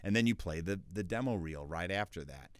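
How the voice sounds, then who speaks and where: A man casually explaining voiceover basics, quick and loose with filler words. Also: low voice, lively intonation, no echo. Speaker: voiceover tutor. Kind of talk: casual tutorial talk. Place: small home recording space.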